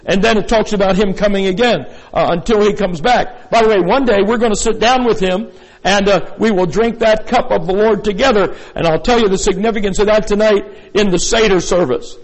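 A man's voice: high-pitched, brisk, big-room sound, low-quality recording. A man preaching a sermon as pastor, in a folksy, rambling way with many fillers and asides. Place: church sanctuary.

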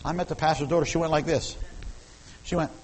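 Animated middle-aged male preacher. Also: on the high side, quick pace, a little hiss or hum, poor audio. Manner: animated, repeats words while building up, folksy humor. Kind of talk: sermon with personal storytelling.

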